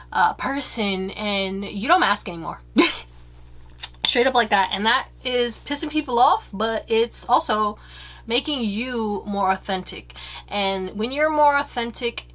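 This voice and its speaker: A woman giving a casual pick-a-card tarot reading to her viewers, chatty and candid, with slang and casual swearing. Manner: acts out quoted remarks in higher, louder voices. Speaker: tarot reader.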